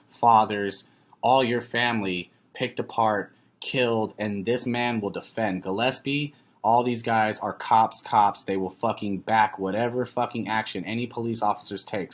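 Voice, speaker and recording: A man from the US delivering an angry, profane rant, cursing and shouting his accusations. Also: on the low side. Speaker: activist speaking out.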